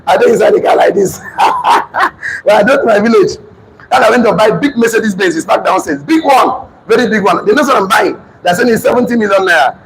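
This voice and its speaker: A man in his thirties with a Nigerian accent, giving an emphatic motivational seminar talk, often shouting and repeating lines for his audience. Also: sits high, big pitch swings, fairly quick, gravelly. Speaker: motivational speaker. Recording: noisy room recording.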